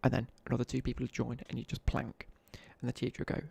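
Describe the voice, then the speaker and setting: A man's voice: mid-range voice, completely flat delivery, very fast, creaky, hardly any pauses, a little mellow, breathy edge, no room sound. A young man with a British accent telling laddish school stories in casual live-stream chat while gaming. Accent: British English. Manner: chatty, laddish anecdotes with slang, asides while gaming.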